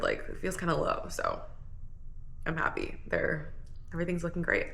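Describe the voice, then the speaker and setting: A woman's voice: sits low, wildly swooping pitch, brisk, creaky, a bit bright, roomy sound, a little hiss or hum. A young woman chatting casually in a home vlog, tired, talking loosely with lots of "like" fillers. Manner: chatty, says "like" often. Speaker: vlogger.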